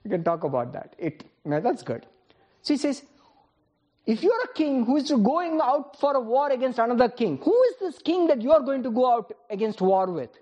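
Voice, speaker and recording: A woman's voice: fairly high pitch, big pitch swings, normal speed, mellow, slightly rough. A woman preaching a sermon, firing rhetorical questions at the congregation, calling on people by name and laughing often between points.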